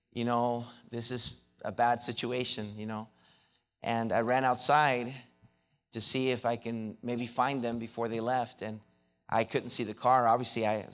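A man preaching a sermon, telling a childhood story and then building into loud, rising exhortation with many repeated words and restarts. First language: not English. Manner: restarts and repeated words, grows louder and higher when preaching.

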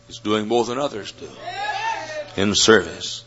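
A Baptist preacher with a low voice delivers a sermon from the pulpit of a college chapel at a measured pace. He tells folksy stories, then rises to emphatic preaching as he drives hard at his points. The recording is dull and lo-fi, with background noise.

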